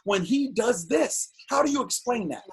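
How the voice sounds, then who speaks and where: A middle-aged man, a filmmaker guest on an interview show, telling animated, indignant stories in casual talk. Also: extremely high pitch, normal speed, creaky, husky. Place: home on a video call.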